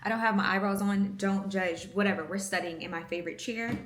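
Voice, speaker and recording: A woman in her thirties talks casually to her vlog camera from home, playful and quick to poke fun at herself. She speaks at an ordinary mid pitch. The room around her is noticeably echoey. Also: steady tone. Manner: chatty, playful, self-mocking. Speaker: vlogger, medical student.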